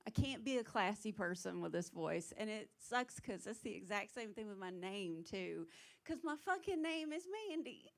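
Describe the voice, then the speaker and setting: A woman from South Carolina with a Southern accent, doing a self-mocking stand-up set and breaking into loud put-on voices. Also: mid-range voice, animated, normal speed, gravelly. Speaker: headlining stand-up comedian. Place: small comedy club stage.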